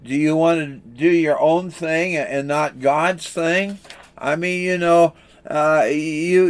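Earnest male preacher, plain-spoken, halting restarts, voice on the higher side. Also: clear, resonant tone. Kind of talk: sermon with storytelling and prayer.

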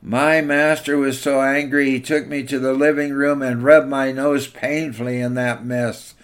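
Preacher guy doing a loyal german shepherd, earnest and slow, sermon story. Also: mid-range voice, level tone, lightly acted. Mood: rueful. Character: loyal, wavering male guard dog.

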